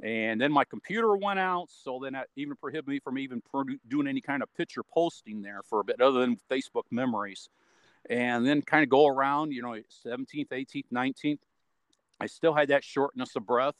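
A man's voice: medium pitch, brisk, fairly bright tone, no room sound. A man gives a casual spoken account as an interview guest. His talk meanders and is full of fillers. The recording is dry, with no room sound around his voice. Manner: rambling, meandering delivery with many fillers.

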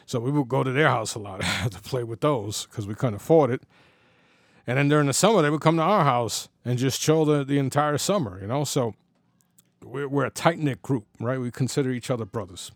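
A man's voice: medium pitch, brisk, no room sound, studio quality. A middle-aged man telling a personal story in a loose, conversational way, full of slang and fillers, acting out the dialogue he quotes. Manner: loose and conversational, many "you know" fillers, slang and swearing.

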